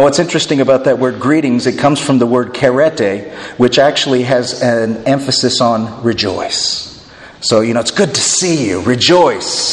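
A male pastor preaching an expressive sermon, swinging his voice up and down as he acts out the people in the story. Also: a little high. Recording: long reverb of a hall.

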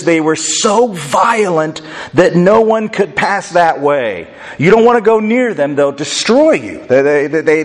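Animated male preacher in a reverberant hall. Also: mid-range voice. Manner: animated storytelling, dramatizes scripture voices. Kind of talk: expository sermon.

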